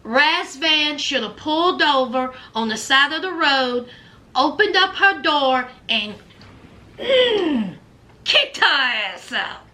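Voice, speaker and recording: A woman's voice: high-pitched, lively intonation, takes it slowly, sharp tone. A woman giving a blunt, sassy reaction recap of a reality show, scolding the people on it. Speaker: reality TV commentator.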